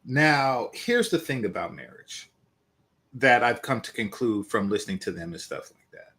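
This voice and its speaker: A man's voice: fairly low pitch, very animated, normal speed, fairly bright tone. A man in his forties hosting casual, opinionated commentary and speaking directly to his viewers. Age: 40s. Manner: conversational, opinionated, addressing viewers. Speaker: host.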